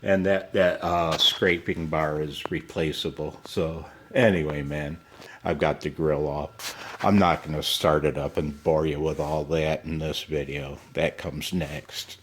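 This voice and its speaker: A man with a deep voice vlogging casually at home and in his garage, laid-back and quick to laugh, saying "man" a lot. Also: fairly even intonation, a little hiss or hum. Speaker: ham radio vlogger. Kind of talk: casual vlog chat.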